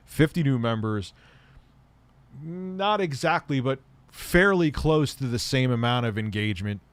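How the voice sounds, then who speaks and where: A man's voice: medium pitch, lively intonation, a little slow, dry recording. A man hosting a livestream, answering viewer questions in a blunt, offhand way and swearing often. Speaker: livestream host.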